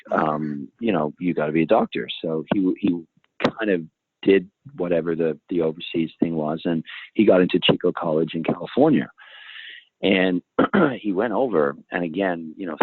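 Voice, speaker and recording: A man's voice: deep voice, breathy edge, no echo. A man telling stories as an interview guest, rambling and restarting his sentences. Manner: rambling, self-interrupting, laughs along. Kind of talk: casual storytelling in an interview. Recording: phone-like, dry call audio.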